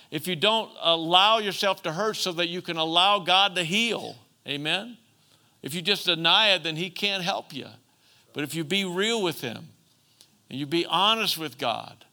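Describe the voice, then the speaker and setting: A man preaching a sermon as pastor, calling for amens and moving between emphatic and soft, earnest passages. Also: sits high. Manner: preachy call-and-response, rising to emphatic then softening.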